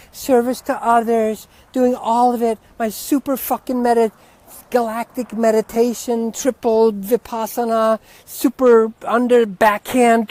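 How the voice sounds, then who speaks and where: Profane, ranting male spiritual teacher. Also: very high voice. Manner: profane, heated ranting with sudden loud outbursts. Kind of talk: unscripted spiritual teaching talk. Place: outdoors near dogs.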